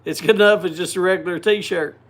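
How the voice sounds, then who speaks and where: A man's voice: sits high, steady tone, brisk, slight background noise. A man hosting a casual livestream, chatting and greeting viewers by name. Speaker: livestream host. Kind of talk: casual chat.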